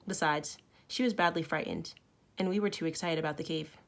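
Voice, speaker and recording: A woman teacher reading a novel aloud to her students, expressive, with small self-corrections. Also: sits low, a little fast, gravelly. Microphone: recorded at home for online learning.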